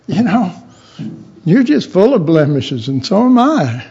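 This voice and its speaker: High-voiced, unhurried man teaching the Bible. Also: big pitch swings, darkish tone. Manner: informal and chatty, acts out little imagined dialogues. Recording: dull lo-fi recording.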